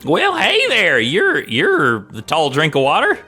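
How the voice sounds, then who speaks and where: Brief: man doing a tiny folksy creature, squeaky high and bright, chatty, eager to share. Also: wildly swooping pitch, measured pace, breathy edge, soft background music, heavily acted. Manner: folksy, rambling, conspiratorial.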